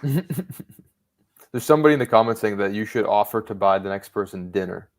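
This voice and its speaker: A man's voice: lowish voice, animated, normal speed. Teasing male co-host reading challenges. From Italy. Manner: teasing, laughs between lines. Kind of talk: casual live-stream banter.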